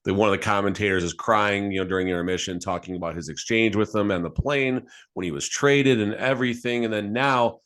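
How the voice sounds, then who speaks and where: Animated low-voiced male co-host. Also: brisk, few pauses. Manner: animated, joking, repeats words. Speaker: podcast co-host. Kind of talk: casual sports chat.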